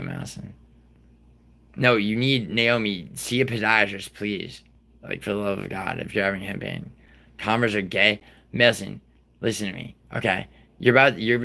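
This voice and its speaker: A man's voice: on the low side, gravelly, pushed and bright. A man in his thirties hosting a livestream, chatting casually with viewers in a rambling, profane way. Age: 30s. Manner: profane, rambling, talks to chat by name. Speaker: livestream host.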